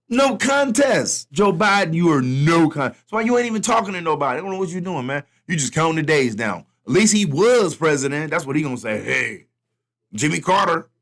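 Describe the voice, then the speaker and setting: Animated man ranting casually. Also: on the high side. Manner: animated, repetitive, talks straight to viewers. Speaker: vlogger commenting on politics. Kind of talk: casual political rant.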